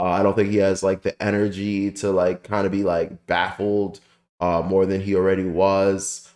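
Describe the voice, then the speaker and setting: A young man hosting a casual review channel, rambling excitedly with lots of fillers and the odd swear word. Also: lowish voice. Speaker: anime review channel host. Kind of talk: casual spoken manga chapter review. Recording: roomy echoey room.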